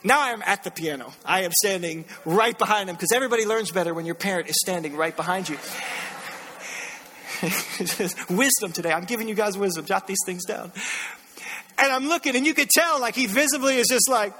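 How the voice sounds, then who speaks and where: A man in his thirties preaching a sermon, telling a lively family story and acting out the voices with frequent laughs. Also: high-pitched, a little fast. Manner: animated storytelling, acts out voices, laughs often. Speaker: pastor.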